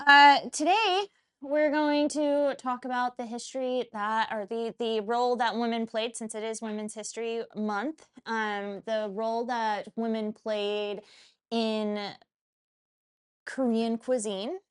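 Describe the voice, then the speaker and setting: A middle-aged woman with a hoarse voice, a chef hosting her cooking show in casual livestream chat and swearing casually. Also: fairly high pitch, fairly even intonation, takes it slowly. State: hoarse, has lost her voice.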